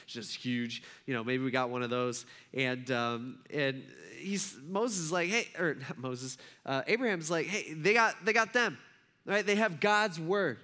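A man's voice: fairly high pitch, unhurried, sharp tone. A man in his thirties preaching a sermon, telling a family story in a loose, conversational way full of fillers and restarts. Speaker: pastor.

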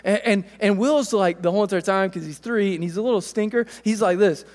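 A man in his thirties preaching a sermon, telling a family story in a relaxed, conversational way. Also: high-pitched, a little fast, long reverb tail. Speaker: pastor.

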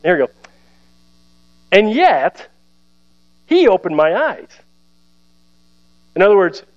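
A man preaching a sermon in a conversational, animated way, laughing often and acting out the voices he quotes. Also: high voice. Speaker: pastor. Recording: dull lo-fi sound with mains hum.

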